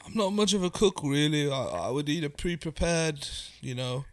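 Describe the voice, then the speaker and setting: A young man with a Northern English accent, talking in a deadpan, rambling, earnest way as a comedic interview guest. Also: fairly high pitch, moderate pace. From England. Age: young adult.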